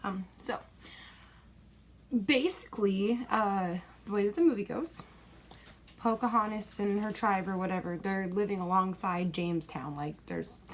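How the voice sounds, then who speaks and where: A young woman at home delivers an exasperated, rambling movie-review rant in a middle-pitched voice. She piles on fillers and dismissive asides as she talks. A faint hiss sits under the recording. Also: a little slow.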